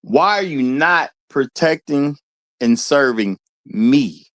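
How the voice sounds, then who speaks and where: Entitled woman who insists on protection, as a male host puts her on, mocking, lively swings in pitch. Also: takes it slowly, no echo. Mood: mocking indignant. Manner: mocking, indignant. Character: entitled white woman demanding police protection.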